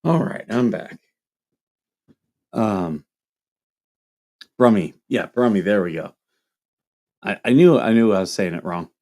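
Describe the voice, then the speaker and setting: A man's voice: lowish voice, animated, slow, pauses often, darkish tone. A man hosting a casual livestream, reading viewer questions aloud and answering them in a loose, rambling way.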